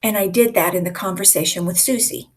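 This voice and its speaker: A woman leading a live online communication coaching session in a lively, conversational way, often acting out examples for her listeners. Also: lowish voice, brisk, slightly rough. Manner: lively, conversational teacher who acts out examples.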